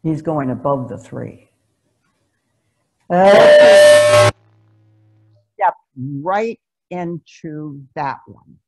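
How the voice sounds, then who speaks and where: A woman's voice: low voice, expressive, slow, mellow, a little hiss or hum. A woman pastor preaching a sermon in a conversational, emphatic storytelling way, over a video call. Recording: dull lo-fi video-call recording.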